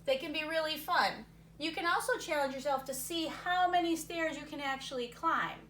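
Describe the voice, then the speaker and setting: Teacher lady doing a reading lesson for kids, bright highish voice, kinda far from the mic in an echoey room. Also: moderate pace. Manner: encouraging, talks through her thinking aloud. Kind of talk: recorded reading lesson for young students. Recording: roomy sound from a distance, faint noise.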